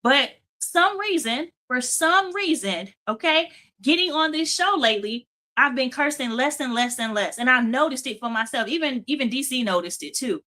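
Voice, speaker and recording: A woman's voice: high voice, expressive, normal speed, bright, forceful tone. A woman hosting a faith-based motivational talk show, speaking emphatically and repeating phrases for emphasis. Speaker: host.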